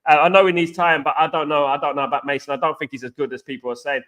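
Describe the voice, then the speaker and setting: A man's voice: on the high side, steady tone, rapid-fire, a bit bright. An English man hosting a casual live stream, chatting to viewers and reading out their comments, calling them guys and mate. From England.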